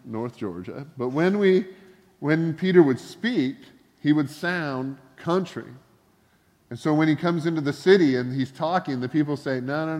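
A man preaching a sermon, telling stories with lively voiced quotes. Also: medium pitch, big-room sound. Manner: animated storytelling with voiced quotes. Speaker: pastor.

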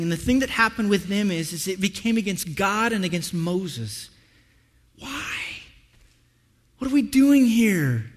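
High-voiced animated preacher in a big hall. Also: male voice. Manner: animated storytelling, acts out voices. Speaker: pastor. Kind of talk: sermon.

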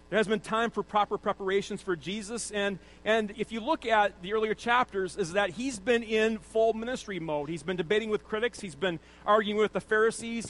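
A man's voice: sits high, low-quality recording. Conversational middle-aged male preacher. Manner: conversational, animated, asks the audience questions. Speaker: pastor. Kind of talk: sermon. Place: church stage with a slide screen.

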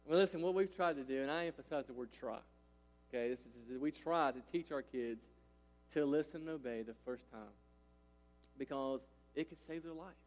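Emphatic pastor preaching in a reverberant hall. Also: male voice, medium pitch, a little fast, darkish tone. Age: 30s. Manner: emphatic, repeats "right?" and "listen" to engage listeners. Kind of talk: sermon.

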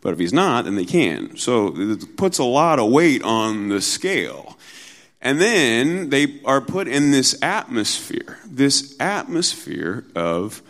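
A man preaching a Sunday morning sermon to his congregation in an earnest, conversational way, slowing down to stress key points. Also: medium pitch, big pitch swings, a bit bright. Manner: earnest preaching, slows for emphasis, mimics mocking tones in quotes. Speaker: pastor.

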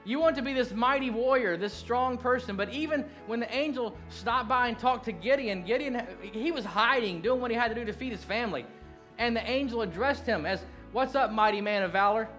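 A middle-aged man preaching a sermon, earnest, dropping to hushed slow lines and then rising into animated bursts. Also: very high-pitched, soft background music. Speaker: pastor.

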